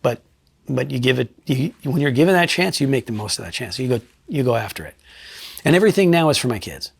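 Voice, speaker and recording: A middle-aged man and retired state trooper, telling his story bluntly in a sit-down interview, swearing freely and pausing to reflect. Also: medium pitch, expressive, vocal fry, slightly rough, no echo. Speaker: retired state trooper and crime scene investigator.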